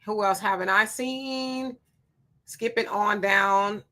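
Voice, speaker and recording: A woman's voice: medium pitch, slow, sharp tone. Chatty woman reading live-stream comments. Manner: chatty, greets commenters by name, reads comments aloud. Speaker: livestream host reading viewer comments.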